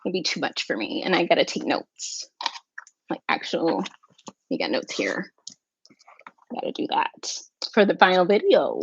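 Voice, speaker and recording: A woman's voice: fairly low pitch, very animated, a little slow, vocal fry, long pauses, husky, dry recording, lo-fi sound. A woman hosting a casual livestream, chatting with viewers and thinking aloud with fillers and little asides. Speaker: livestream host.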